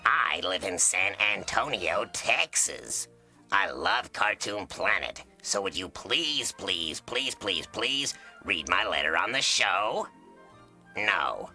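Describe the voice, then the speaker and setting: Deep, sneering mantis sidekick, bright-edged tone, dry and unhurried. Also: male voice, big pitch swings, soft background music, full character voice. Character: sarcastic grumpy male mantis. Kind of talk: TV cartoon voice acting.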